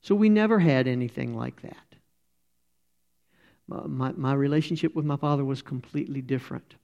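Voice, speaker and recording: A middle-aged man giving an informal sermon as a church speaker, talking in a halting, conversational way and often getting emotional. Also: mid-range voice, vocal fry, darkish tone, dull audio.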